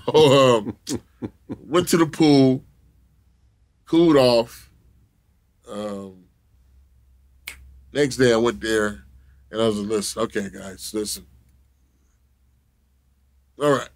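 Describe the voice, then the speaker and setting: As an interview guest, a man tells a profane story with animated energy, laughing often and acting out the other people in it. His voice is medium in pitch.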